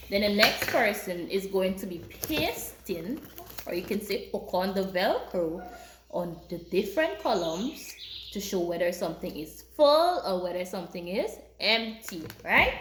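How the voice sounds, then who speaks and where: A woman teaching a lesson to young schoolchildren, speaking in a sing-song, encouraging way and often checking in with "right?". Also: medium pitch. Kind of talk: classroom teaching to young children. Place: classroom. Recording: very echoey room with faint noise.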